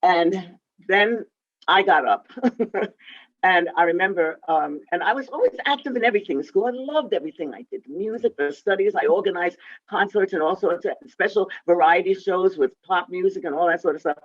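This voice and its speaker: A woman in her eighties telling a story from her youth in a halting way, with many restarts and fillers. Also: on the low side, expressive. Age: 80s. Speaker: interviewed composer and pianist. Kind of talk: reminiscing storytelling. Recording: dull, dry lo-fi sound.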